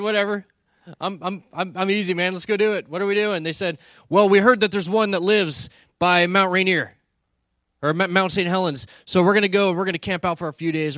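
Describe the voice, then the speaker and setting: A man telling a lively story with many restarts, building toward a lesson. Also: high voice, dry recording, studio quality. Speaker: speaker. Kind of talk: storytelling sermon.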